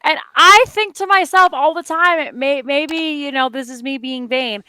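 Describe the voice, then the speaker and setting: A woman's voice: high voice, normal speed, bright, forceful tone, dry recording. A woman co-hosting a reaction video, telling rambling stories in casual chat and correcting herself as she goes. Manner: rambling, self-correcting storyteller. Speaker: co-host.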